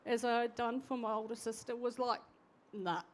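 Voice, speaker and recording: Halting, heartfelt woman in her sixties. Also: on the high side, steady tone, a little hiss or hum. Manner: halting, heartfelt, trailing off mid-sentence. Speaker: eulogy speaker, sister of the deceased. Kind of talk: memorial eulogy. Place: church memorial service.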